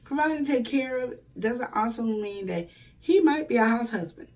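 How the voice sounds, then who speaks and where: A woman's voice: fairly high pitch, animated, normal speed, a little mellow, far from the mic. A woman hosting a relationship advice show, talking in a folksy, preachy way and acting out the quoted lines. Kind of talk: casual advice monologue.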